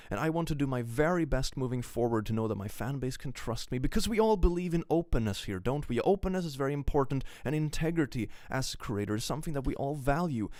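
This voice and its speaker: A man's voice: mid-range voice, dry recording, studio quality, close to an everyday voice. A man putting on the voice of an insincere online creator giving a vague, syrupy, overly earnest apology.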